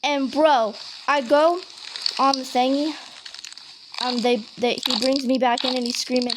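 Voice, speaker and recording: A woman's voice: high-pitched, steady tone, normal speed. A young woman telling a casual, rambling story full of slang and fillers, with game clicks behind her. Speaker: storytime vlogger. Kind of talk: casual storytelling over gameplay. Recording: noisy home recording with clicks. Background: game mouse and keyboard clicks.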